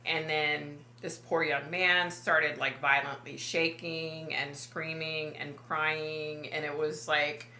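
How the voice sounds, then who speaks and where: Low-voiced woman, halting emotional vlog retelling. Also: little pitch movement, bright, forceful tone, echoey room, slight background noise. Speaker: psychic medium vlogger. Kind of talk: personal vlog storytelling.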